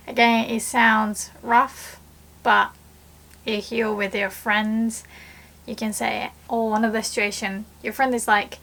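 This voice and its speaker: A woman's voice: on the high side, slow. Chatty woman teaching Japanese phrases. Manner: chatty, acts out example phrases with lively voice shifts. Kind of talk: casual language lesson.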